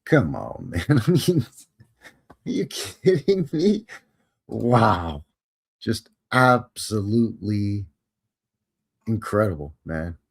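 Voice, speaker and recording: A man with a fairly low voice hosts a live show, talking about photos in a relaxed way. His tone is wry and joking, and he is quick to sound amazed. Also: vocal fry, breathy edge. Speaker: host.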